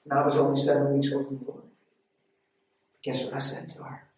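A man preaching and telling his own testimony, emotional and storytelling, swinging between loud and hushed. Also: medium pitch, monotone, brisk. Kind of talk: sermon. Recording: echoey hall from far off with faint noise.

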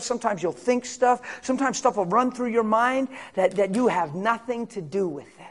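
High-voiced preaching pastor. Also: male voice. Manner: dynamic preaching, swings from hushed to shouting. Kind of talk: sermon.

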